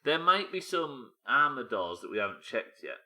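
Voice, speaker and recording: Very animated, a Yorkshire streamer keeps up casual game chat with his viewers, cracking jokes and asking questions aloud in a Yorkshire accent. He speaks at medium pitch and moderate pace, with a sharp tone.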